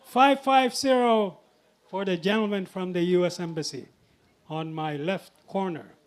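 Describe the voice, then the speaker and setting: A man's voice: high-pitched, normal speed, a little mellow. A man running a live charity auction at a public event, calling out bids in a jovial, teasing way.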